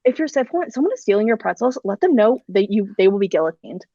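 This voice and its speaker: A young woman guest on a pop culture podcast, rambling and animated in casual chat and swearing freely. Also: mid-range voice, quick pace, no echo, muffled recording.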